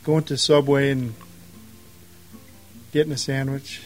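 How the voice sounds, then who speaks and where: A man's voice: medium pitch, little pitch movement, slow, soft background music. Laid-back man co-hosting a podcast. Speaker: podcast co-host. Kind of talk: casual chat.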